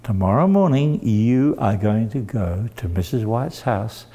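A man voicing a stern mother scolding her young daughter in a lowered voice. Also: lively intonation, measured pace, mellow.

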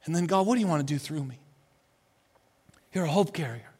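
High-voiced preaching man in a reverberant hall. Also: lively intonation, fairly quick, husky. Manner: dynamic preaching, dropping to soft hushed tones. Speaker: pastor. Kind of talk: sermon.

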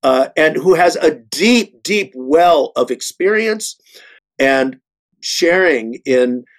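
Earnest halting man in his sixties. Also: a little high, expressive. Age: 60s. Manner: earnest, halting with many repeated words. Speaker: actor, panel guest. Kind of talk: panel discussion.

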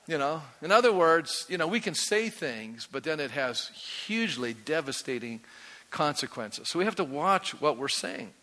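A male pastor preaching a sermon to his congregation, animated and constantly asking them questions. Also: on the high side, moderate pace. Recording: long hall reverb.

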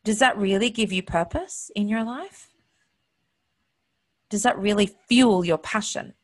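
A woman's voice: mid-range voice, unhurried. A woman hosting her own show, giving an earnest, heartfelt and openly emotional motivational monologue. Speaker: host.

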